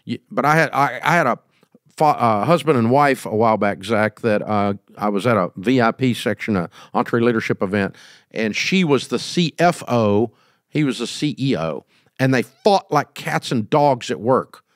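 A man's voice: medium pitch, animated, normal speed, no echo, studio quality. Folksy man giving business advice. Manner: folksy, emphatic, acts out quoted scenes. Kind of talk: casual advice talk.

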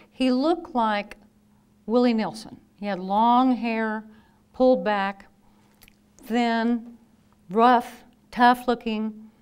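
A woman in her fifties, a nurse telling lively anecdotes in a talk and acting out the people she quotes. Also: fairly high pitch, clear, resonant tone. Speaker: nurse and speaker. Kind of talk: storytelling talk.

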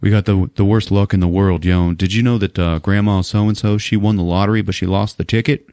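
A man doing a gloomy low-voiced bartender. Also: fairly even intonation, brisk, mellow, dry recording, clean studio sound, lightly acted. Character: gloomy one-armed male bartender, veteran.

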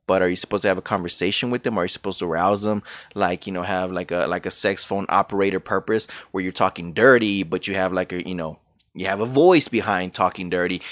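Low-voiced man chatting on a game stream. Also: fairly bright tone, no room sound, clean studio sound. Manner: loose, profane, greets viewers by name. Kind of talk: casual chat while gaming.

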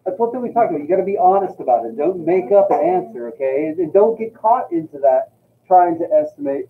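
A man's voice: sits high, animated, quick pace. A man, a teacher leading a class critique in a direct, coaching way. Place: school classroom. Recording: tinny, distant, noisy room.

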